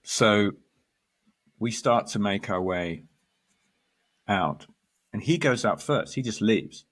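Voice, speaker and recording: Lower-voiced man telling a vivid story. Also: takes it slowly. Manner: animated storyteller, quotes others, restarts often. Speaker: guest astrologer. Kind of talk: storytelling in conversation.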